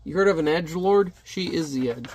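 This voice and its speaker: A man's voice: on the high side, brisk, darkish tone, slight background noise. A man casually reviewing a comic, chatty and joking as he narrates the panels. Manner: chatty, jokey asides.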